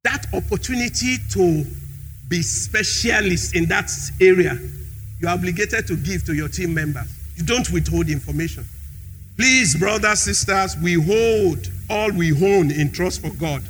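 A man's voice: high voice, a little slow, a bit bright, faint music behind. A man preaching a sermon in a church hall, repeating key phrases with emphasis.

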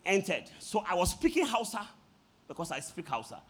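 Lively husky Nigerian preacher man. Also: sits high, moderate pace. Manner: animated preaching, calls to congregation. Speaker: pastor. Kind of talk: sermon.

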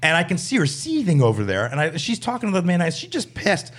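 A man's voice: high voice, fast talker. A man in his fifties, a stand-up comedian, telling stage stories in casual chat and acting out the people in them. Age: 50s. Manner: animated storyteller, acts out voices of people.

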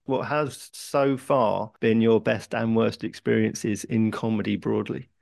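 A woman's voice: very deep voice, steady tone, measured pace, creaky, darkish tone. A woman hosting a podcast, asking brief questions and laughing along with her guest. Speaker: podcast host. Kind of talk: casual podcast interview.

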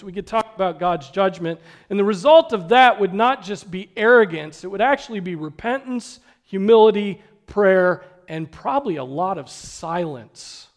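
A man preaching a sermon, earnest, posing rhetorical questions and dropping to a hush for emphasis. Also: high voice.

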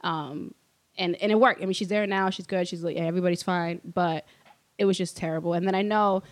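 A young woman talks fast and loose, spilling a story in casual chat. She laughs a lot and jumps into loud, high-pitched voices when she quotes people. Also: steady tone. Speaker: guest.

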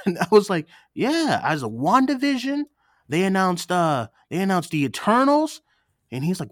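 A young man co-hosting a casual film chat show. His voice swings widely in pitch as he tells animated stories and acts out other people's lines. The sound is dry and close. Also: moderate pace, no echo. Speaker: podcast co-host.

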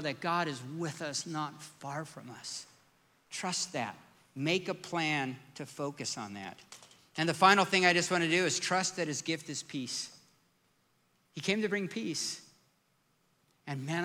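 Man preaching a sermon, squeaky bright tone, lively questions, in a reverberant hall. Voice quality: self-described squeaky voice. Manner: conversational, emphatic preaching with rhetorical questions. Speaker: pastor.

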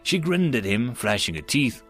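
Brief: male storyteller, measured and descriptive, mid-range voice, soft music bed. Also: medium pitch, sing-song. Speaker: narrator. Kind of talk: scripted story narration.

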